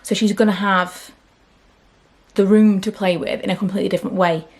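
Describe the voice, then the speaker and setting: A woman's voice: medium pitch, flat delivery, fairly quick, a little mellow. A woman in her thirties chatting candidly to camera in a home vlog, sometimes dropping to a whisper. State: out of breath. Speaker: vlogger. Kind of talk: casual chat to camera.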